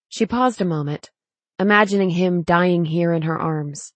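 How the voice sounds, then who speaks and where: A woman narrating a novel as an audiobook in a measured, steady way. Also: lowish voice, no room sound. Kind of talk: scripted narration.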